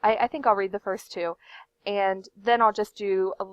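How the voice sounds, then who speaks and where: Woman, book vlog host, casual rambling delivery, mid-range pitch, dry close sound. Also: steady tone, moderate pace, no echo, highs cut off. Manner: chatty, rambling, frequent fillers and restarts; laughs now and then while talking. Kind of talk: casual book commentary to camera.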